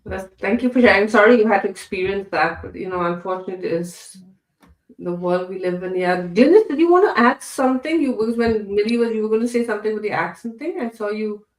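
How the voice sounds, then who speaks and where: A woman's voice: mid-range voice, fairly quick. Woman hosting in a roomy echo. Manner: supportive, moves the talk along. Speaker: host. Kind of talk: casual chat.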